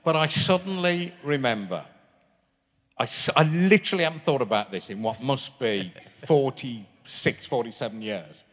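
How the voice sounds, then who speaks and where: A man's voice: medium pitch, expressive, moderate pace, fairly bright tone. Rambling man in a big hall. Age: 50s. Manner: rambling storyteller with many restarts. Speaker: guest. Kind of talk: live stage interview, anecdotes. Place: large town hall stage. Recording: long reverb of a large hall.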